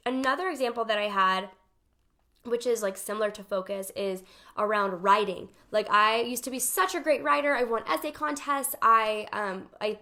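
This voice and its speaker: A woman's voice: fairly high pitch, pushed and bright. A woman coaching on focus in a chatty, emphatic talk to her viewers, acting out her own inner voice as she goes. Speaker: life coach. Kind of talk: casual talk to camera, live session.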